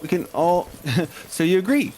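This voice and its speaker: Playful man, slightly high, sing-song, unhurried delivery. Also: lively intonation, a little mellow, slight background noise, low-quality recording. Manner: playful and silly. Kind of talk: casual chat. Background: game music.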